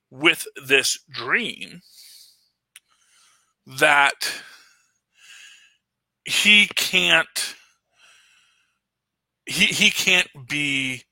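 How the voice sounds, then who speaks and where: A man's voice: on the high side, sharp tone, dry recording. A man hosting a casual podcast chat, rambling enthusiastically with frequent fillers and laughs. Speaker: podcast host reviewing a film.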